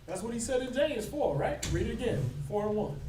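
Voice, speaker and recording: A man's voice: extremely high pitch, sing-song, brisk, background noise. A man teaching a scripture class in an informal sermon style, talking conversationally and often checking in with "right?". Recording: echoey room recorded from far off.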